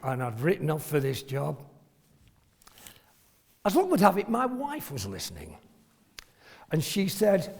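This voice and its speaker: The retired family doctor, a man in his 70s from northern England, delivers humorous, self-deprecating stories to an audience, often chuckling. His slightly high, creaky voice swings hugely in pitch, moves a little slowly, and leaves long pauses. There's slight background noise and long reverb from a hall.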